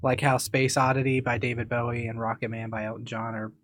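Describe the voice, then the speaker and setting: A man co-hosting a podcast in casual, joking chat, fidgety and quick to sing a snippet. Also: medium pitch, flat delivery, a bit bright, a little hiss or hum. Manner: joking, sings song snippets, restless. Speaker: podcast co-host.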